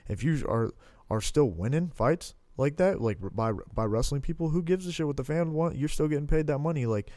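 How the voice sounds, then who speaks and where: A man's voice: a little high, expressive, a little fast, mellow, no echo. A young man chatting casually on a podcast, rambling with lots of restarts and blunt, profane remarks. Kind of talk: casual podcast chat about fighting.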